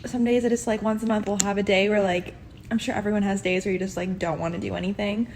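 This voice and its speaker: A woman's voice: medium pitch, fairly even intonation, quick pace, a little mellow, a little hiss or hum. A young woman chatting candidly in a personal video diary with lots of fillers, filming herself on a phone in her car. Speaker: vlogger. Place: inside a car.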